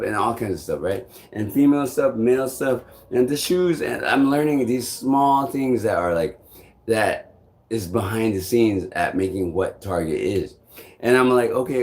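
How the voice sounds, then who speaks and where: A man with a somewhat low voice talks straight to his vlog audience. He rambles through a personal story, loops back on himself with "I'm like," swears casually and chuckles along the way. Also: a little mellow. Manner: meandering, repeats "I'm like", swears freely, chuckles often. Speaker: vlogger.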